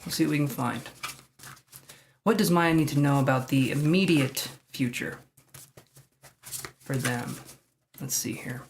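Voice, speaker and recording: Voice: mid-range voice, unhurried, long pauses, a little hiss or hum. A tarot reader hosting a casual live stream from home, chatting with viewers by name and making jokes at their own expense. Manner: chatty and self-joking, addressing viewers by name.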